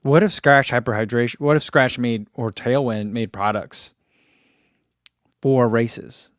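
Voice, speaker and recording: A man's voice: medium pitch, measured pace, no room sound, clean studio sound. A man hosting a running channel, chatting casually on a livestream, rambling in an easygoing way with many fillers while reading viewer comments. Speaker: running channel host reading live chat.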